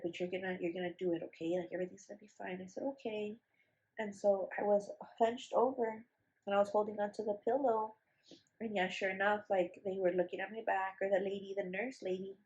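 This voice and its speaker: A woman's voice: mid-range voice, highs cut off. A young woman vlogger telling a personal story in a casual, chatty way, with many fillers and restarts. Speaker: vlogger, new mother.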